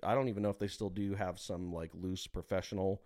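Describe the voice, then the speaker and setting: A man co-hosting a podcast, telling a long story in a casual, animated way with plenty of swearing. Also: low voice, a little fast. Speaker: podcast co-host.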